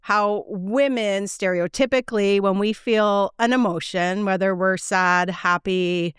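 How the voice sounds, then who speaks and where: A woman's voice: mid-range voice, steady tone, unhurried, clean tone, no room sound, studio quality. A woman hosting a podcast, chatty and enthusiastic as she leads the conversation. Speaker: podcast host. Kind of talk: casual conversation.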